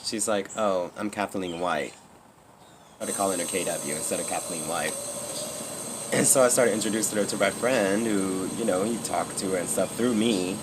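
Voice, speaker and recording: Male vlogger, deep low voice, casual and rambling, faint AC hum behind. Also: fairly quick. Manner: rambling, candid, many fillers and restarts. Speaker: YouTuber. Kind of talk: casual personal vlog.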